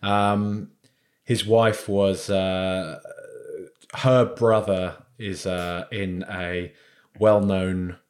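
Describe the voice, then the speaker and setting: Low-voiced man with teasing banter. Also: level tone. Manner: teasing banter with quick jokes. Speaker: podcast co-host. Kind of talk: casual chat.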